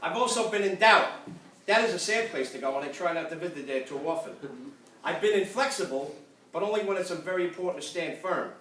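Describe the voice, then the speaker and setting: Expressive and a little fast, an older man's high-pitched voice carries stand-up jokes through a church gathering as he laughs at his own punchlines. The phone recording from across the room is echoey, distant and noisy.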